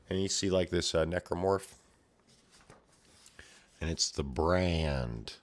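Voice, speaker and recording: A man's voice: sits low, steady tone, measured pace, long pauses. A man casually reading a comic aloud and commenting, laid-back with mumbled asides. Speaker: video host reading a comic.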